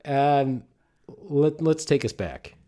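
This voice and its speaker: A man's voice: mid-range voice, animated, takes it slowly, mellow. A middle-aged man from Michigan hosting a casual podcast, rambling and joking with plenty of swearing. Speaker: podcast host. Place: home studio.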